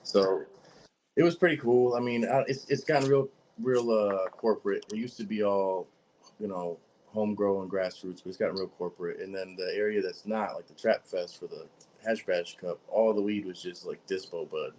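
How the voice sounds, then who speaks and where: A man's voice: low voice, normal speed, a little hiss or hum, poor audio. A man chatting casually as a podcast guest, swearing freely and acting out the people in his stories. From Michigan, US. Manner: profane, animated storytelling with quoted voices.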